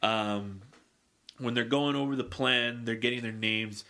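A man's voice: medium pitch, fairly even intonation, unhurried, background noise. A man hosting a casual movie chat, enthusiastic and swearing a lot. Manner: profane, enthusiastic.

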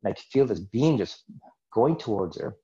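A man's voice: on the low side, sing-song, moderate pace, mellow, muffled recording. A man as a podcast guest, earnestly recounting a personal experience in a rambling, casual way with many asides. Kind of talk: personal storytelling in a casual interview.

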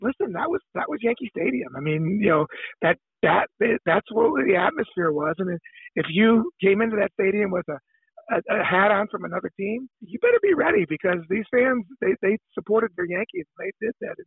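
A man's voice: sits high, expressive, normal speed, husky, no room sound. A man calling in as a podcast guest, talking in a rambling way and repeating words as he thinks. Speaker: podcast guest, former ballplayer. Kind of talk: phone-in interview chat. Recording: tinny phone line.

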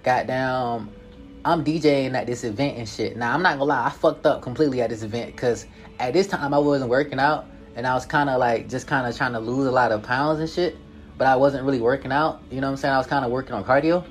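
A young man telling a casual story in a profane, slangy, animated way, full of filler tags. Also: medium pitch, quick pace, faint music behind.

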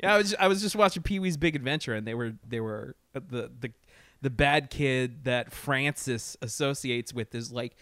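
A man's voice: medium pitch, normal speed, fairly bright tone, no echo. A man hosting a radio show in a casual, rambling way, with jokes and lots of fillers. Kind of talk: casual chat.

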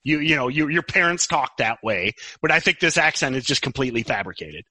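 A man's voice: mid-range voice, animated, a little fast, sharp tone, no room sound. A man co-hosting a podcast in casual chat, teasing and joking. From United States. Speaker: podcast co-host.

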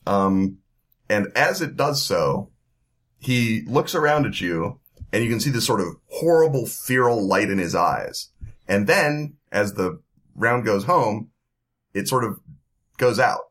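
Game master, male, lowish voice; loose, rambling narration. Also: lively intonation, unhurried, a bit bright. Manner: rambling, full of fillers and sound effects.

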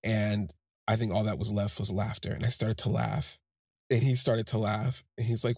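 A man's voice: on the low side, fairly even intonation, normal speed, breathy edge, dry recording, clean studio sound. A man hosting a podcast, telling a personal story in a rambling, heartfelt way with many fillers and restarts. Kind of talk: casual spoken storytelling.

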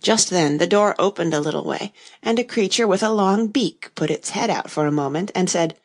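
A woman reading a children's storybook aloud in a gentle, measured way. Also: on the low side. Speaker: narrator.

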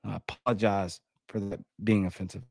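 A man's voice: level tone, fairly quick, gravelly, a little mellow, dry recording. Male show host, heated sarcastic rant, blunt insults, dry close sound. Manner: heated and sarcastic, pitch jumping high when outraged. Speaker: host of a political commentary show. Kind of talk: ranting commentary.

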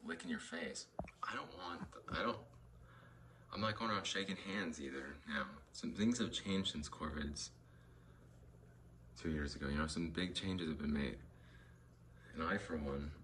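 Guy with a real deep voice ranting on his podcast, cussing, rambling, faint hiss behind. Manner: profane, rambling, worked-up ranting. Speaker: podcast host. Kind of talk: casual rambling podcast monologue. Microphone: studio monitors and headphones.

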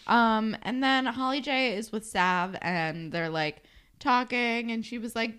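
A woman's voice: on the high side, a little slow, fairly bright tone, clear, resonant tone. A young woman co-hosting a casual podcast, giving wry, opinionated commentary on a TV show. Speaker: podcast co-host. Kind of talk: casual chat.

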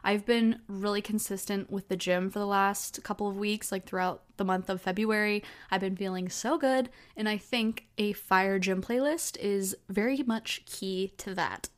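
Her voice is medium in pitch, moderately paced, with few pauses. She's a podcast host in her twenties who tells stories in a chatty, casual solo format, leaning on plenty of fillers.

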